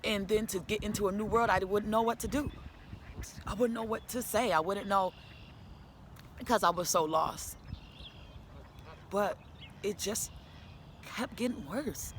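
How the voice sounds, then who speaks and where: A woman's voice: on the low side, slight background noise. A woman, a single mother, telling her personal story to the camera in a candid, emphatic, conversational way.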